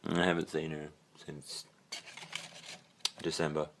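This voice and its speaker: A man's voice: rumbling low, completely flat delivery, slow, fairly bright tone, slight background noise. A young Australian man giving a casual, rambling tour of his bedroom, swearing freely and trailing off into fillers. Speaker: vlogger. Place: own bedroom.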